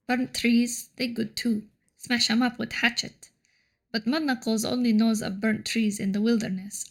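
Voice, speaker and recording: Goblin cook, male, boastful and crude, broken grammar, Russian-tinged accent, read by a woman, gravelly. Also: on the high side. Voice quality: broken grammar, third-person self-reference.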